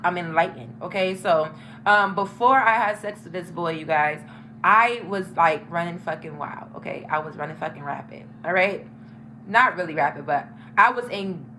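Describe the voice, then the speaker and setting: A woman's voice: lowish voice, bright, forceful tone, slight background noise, low-quality recording. A young woman hosting a casual storytime vlog, talking frankly and emphatically with lots of profanity. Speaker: tarot channel host.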